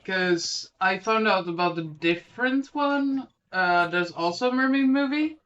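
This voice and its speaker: Lisping co-host, unhurried and hesitant, in casual film chat. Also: medium pitch, lively intonation, a bit bright, highs cut off. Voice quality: lisp. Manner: hesitant, lots of ums. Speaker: podcast co-host.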